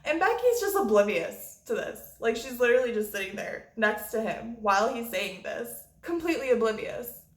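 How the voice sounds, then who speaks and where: A woman's voice: a little high, sing-song, normal speed. Foul-mouthed woman telling a story. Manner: profane and blunt. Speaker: vlogger. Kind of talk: storytime vlog. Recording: roomy echo.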